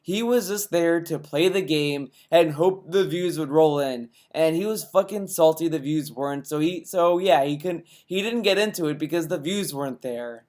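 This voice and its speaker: A man's voice: a little high, moderate pace, few pauses, darkish tone. A man giving a profane, sarcastic reaction commentary, exasperated and ranting. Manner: exasperated, sarcastic, heavy swearing.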